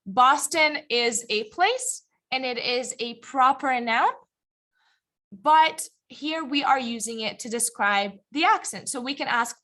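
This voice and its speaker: Speaking slowly in a high, expressive, pushed and bright voice, a woman teaches English grammar as an ESL teacher in a live classroom lecture that's also streamed. She patiently explains, encourages, and often stops to check comprehension by asking the class questions.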